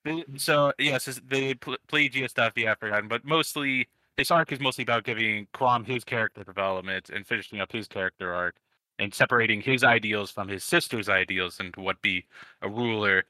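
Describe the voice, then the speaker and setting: Man, podcast co-host, lowish voice, dry close sound, halting but thoughtful. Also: sharp tone, no room sound, low-quality recording. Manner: halting, restarting, thoughtful analysis. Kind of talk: casual chat.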